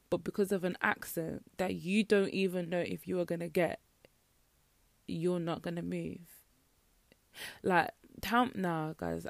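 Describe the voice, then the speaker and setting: Young Birmingham woman, podcast host, straight-talking rant; lowish gravelly voice, dry close sound. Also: no room sound. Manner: frank, opinionated, filler-heavy with lots of "like". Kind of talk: casual solo podcast rant.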